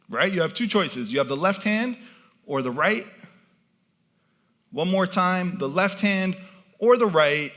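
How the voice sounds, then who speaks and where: Man, mentalist performer, live stage patter, bright tone, slightly high pitch, commanding and playful. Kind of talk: live stage audience participation. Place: event stage before a live audience.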